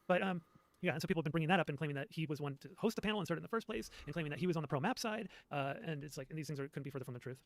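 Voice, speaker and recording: Gravelly man talking very fast. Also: a little high, lively intonation. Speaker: panel guest. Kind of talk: casual panel chat.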